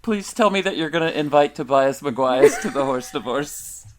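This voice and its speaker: A man's voice: a little high, normal speed, a little hiss or hum. A man co-hosting a casual comedic chat, riffing playfully on jokes. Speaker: podcast co-host.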